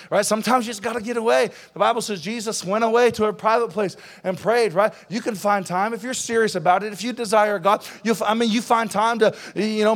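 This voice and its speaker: A young adult male pastor preaching a sermon to young people, swinging between quiet talk and loud, impassioned exhortation. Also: sits high. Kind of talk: sermon to youth.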